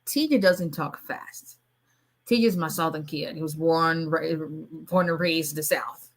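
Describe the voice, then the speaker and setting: A middle-aged woman from Nigeria, an immigration lawyer chatting casually on a live stream, fast-talking and animated and laughing often. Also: deep voice.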